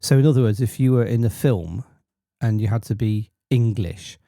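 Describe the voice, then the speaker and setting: A man's voice: lowish voice, moderate pace, creaky, dark tone, dry recording, studio quality. A middle-aged man co-hosting a casual podcast debate, teasing and quizzing his son. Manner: teasing, quizzing, talks over others. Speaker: podcast co-host, dad.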